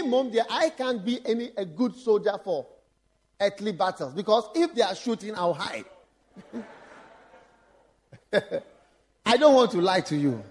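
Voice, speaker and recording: Brief: man, bishop giving a sermon, very high pitch, swinging lively delivery, laughs and shouts to land points. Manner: animated, laughs and shouts for emphasis. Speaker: bishop preaching.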